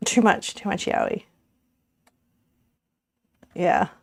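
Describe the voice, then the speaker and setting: A woman's voice: lowish voice, huge pitch swings, extremely slow, gravelly, no room sound. An Australian woman streamer chatting casually with her viewers while cooking, giggly and rambling, often correcting herself.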